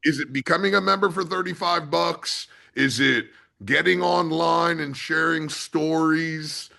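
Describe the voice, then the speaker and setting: A man in his fifties hosts a casual podcast with a chatty, anecdotal manner. His voice sounds bright and gravelly. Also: a little high, fairly even intonation, measured pace. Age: 50s. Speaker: podcast host.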